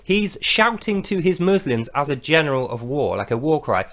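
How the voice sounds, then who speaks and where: High, animated sarcastic male podcaster. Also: moderate pace. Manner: sarcastic, swears freely, slips into loud mock voices. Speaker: podcast host reading and commenting on scripture. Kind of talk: mocking commentary on a reading.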